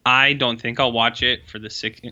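A man's voice: medium pitch, fairly even intonation, normal speed, sharp tone, dull audio. A man co-hosting a podcast, chatting casually with dry, teasing quips. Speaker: podcast co-host. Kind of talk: casual chat.

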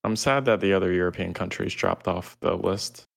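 A man with a low, deep voice co-hosts a podcast in casual conversation. He drops dry, deadpan asides and moves the show along. His tone stays even and unhurried. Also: creaky. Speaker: podcast co-host. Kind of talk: casual chat.

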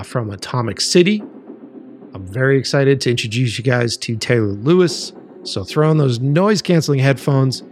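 A man hosting a podcast, talking in a loose, rambling way full of ums and restarts. He sounds tired and slow, like it is an early morning after a late night, with a pitch that sits mid-range. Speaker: podcast host. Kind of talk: casual podcast chat.

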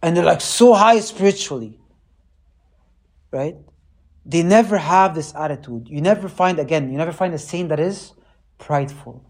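Male priest, conversational sermon, animated delivery, slightly high voice. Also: normal speed, pauses often. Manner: animated, keeps asking listeners "right?".

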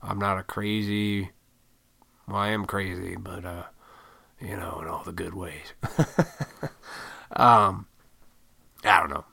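Young man, profane casual rant, gravelly low voice with a bright, sharp edge. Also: steady tone, slow pace, pauses often. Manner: profane, blunt, ranting. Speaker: solo talker.

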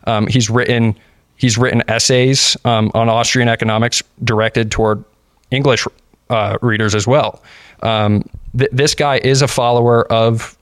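An earnest man talks as a guest on a casual podcast, stumbling and restarting as he builds his points. His voice sits in an ordinary middle pitch. The sound is dry and close. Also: fairly even intonation, normal speed, smooth, dry recording. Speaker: podcast guest, libertarian activist.

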